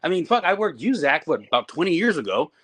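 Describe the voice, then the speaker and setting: A man's voice: a little high, fast talker, husky. A middle-aged man, a veteran wrestler and promoter, ranting with heavy swearing in a casual podcast chat. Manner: profane, ranting, animated.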